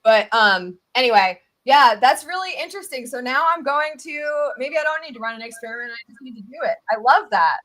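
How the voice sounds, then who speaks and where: Southern woman guest, high voice, casual podcast chat, animated with quick asides. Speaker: guest tick researcher.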